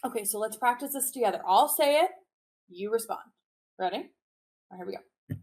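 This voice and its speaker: A woman teacher giving a webinar demonstration, animated and drilling phrases in a sing-song call-and-response. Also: a little high, a little fast, long pauses. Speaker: early childhood teacher presenting a webinar. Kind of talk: teacher demonstration with chants and repetition.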